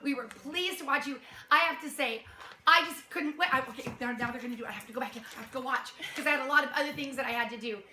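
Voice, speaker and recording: Speaking very fast in a high voice, a woman directs youth actors with warmth and laughter, acting out their lines as she goes. The crowded, echoey room carries audience murmur and laughter, along with a little hiss or hum.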